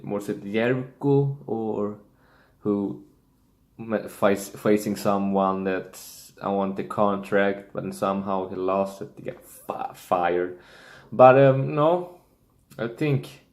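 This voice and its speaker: A young man speaks slowly in a fairly low voice, musing over his predictions in casual solo talk. He hesitates, restarts and fills gaps with ums, and his English phrasing is that of a non-native speaker. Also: darkish tone. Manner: hesitant, thinking aloud with many fillers and restarts. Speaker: wrestling fan predicting matches.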